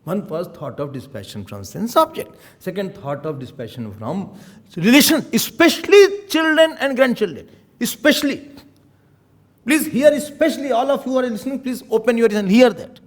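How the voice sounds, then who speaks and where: A swami preaching in English with an animated, storytelling manner. His voice sits high and swings widely in pitch, rising and falling with emphasis. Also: normal speed. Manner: animated, acts out little scenes, chuckles often. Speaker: swami giving spiritual talks. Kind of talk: sermon.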